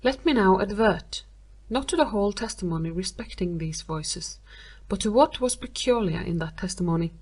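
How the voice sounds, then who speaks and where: A woman voicing a cool analytical male detective who lays out his reasoning in a measured way. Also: mid-range voice, animated, a little mellow, husky.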